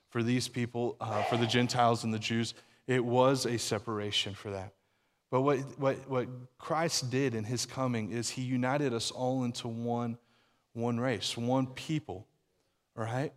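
Guy preaching a sermon, chatty, keeps restarting, long echo off the hall. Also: mid-range voice. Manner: conversational, with frequent restarts and light laughs. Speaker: pastor.

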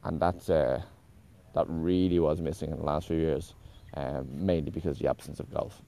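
Deep dark-voiced guy rambling on, lots of restarts, swears now and then. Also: fairly even intonation, moderate pace, vocal fry. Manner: meandering, self-correcting, swears casually. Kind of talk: casual rambling monologue.

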